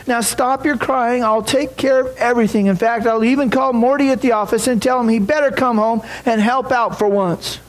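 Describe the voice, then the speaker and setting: A man's voice: very high-pitched, steady tone, normal speed, few pauses, low-quality recording. A man voicing a cheerful, kind older woman who soothes a caller with motherly reassurance, in a sermon story. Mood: soothing.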